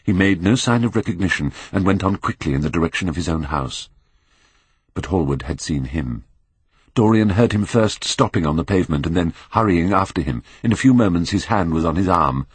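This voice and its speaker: A man reads a classic novel aloud in a measured, expressive manner. His voice is low and slightly husky, with a wide, lively pitch range. The sound is dry and close. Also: no echo. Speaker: audiobook narrator. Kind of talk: scripted narration of a classic novel.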